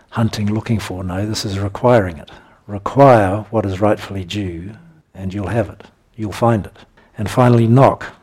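Preaching a sermon, a man teaches through scripture verses with emphasis, breaking into animated bursts and chuckles. His voice is on the low side with a breathy edge.

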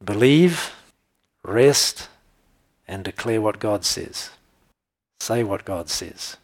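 A man's voice: lowish voice, expressive, extremely slow. A man preaching a sermon, emphatic, repeating key phrases and reading scripture aloud. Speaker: pastor.

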